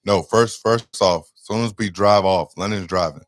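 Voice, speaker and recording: A man's voice: on the low side, normal speed, no echo. Young man from rural Georgia, dry sound. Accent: Southern US. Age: young adult. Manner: interrupting, joking, retells scenes in quotes. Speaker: guest. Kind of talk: casual storytelling.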